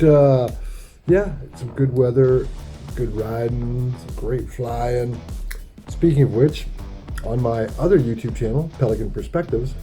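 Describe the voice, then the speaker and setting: Dark-voiced, profane man. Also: mid-range voice. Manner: profane, rambling, laid-back. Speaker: vlogger. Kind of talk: casual storytelling rant.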